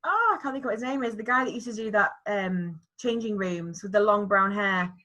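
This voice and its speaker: A woman's voice: mid-range voice, fairly quick, sharp tone. A woman in her thirties co-hosting a podcast, chatting casually, laughing often and trailing off with fillers. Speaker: podcast co-host. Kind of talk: casual chat.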